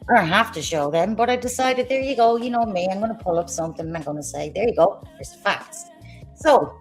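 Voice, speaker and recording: A woman's voice: medium pitch, lively intonation, fast, faint music behind. A woman ranting on a livestream in a combative, sarcastic way, swearing as she talks. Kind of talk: heated livestream rant.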